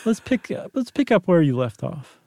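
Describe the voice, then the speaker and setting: A man co-hosts a casual podcast. His voice is rather high but warm and dark. He explains things in a playful, wry, rambling way, and the sound is dry and close. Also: very animated, normal speed, vocal fry, no room sound. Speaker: podcast co-host. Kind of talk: casual chat.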